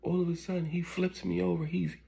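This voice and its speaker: A man's voice: sits high, little pitch movement, a little fast, gravelly, warm tone, breathy edge, pitched above the performer's own voice, heavily acted. A man putting on the voice of a blunt older woman who overshares gossip about her husband, in a raised, half-whispered voice. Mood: excited.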